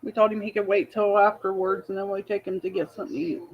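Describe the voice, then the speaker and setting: A woman's voice: medium pitch, fairly even intonation, quick pace. An older woman hosting a casual morning livestream, reading chat messages aloud and telling rambling family stories. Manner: rambling, chatty storytelling with fillers. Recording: slightly dull lo-fi audio.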